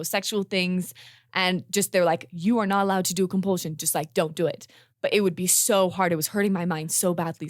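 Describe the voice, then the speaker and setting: A young adult woman, a podcast guest telling her own story candidly, earnest and halting, often repeating words as she restarts. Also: lowish voice, no echo, studio quality.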